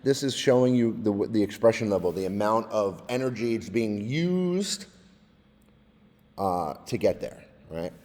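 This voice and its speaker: Casual male tutor, mellow voice, step-by-step software walkthrough, long reverb on the voice. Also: lowish voice, expressive, measured pace. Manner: casual, explains step by step, often adds "all right?". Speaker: music technology teacher. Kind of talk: screen-recorded software tutorial.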